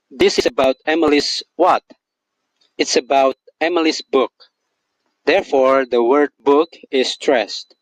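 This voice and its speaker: A man narrating a scripted English lesson with a slow, deliberate and emphatic teaching delivery. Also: mid-range voice, dry recording, poor audio.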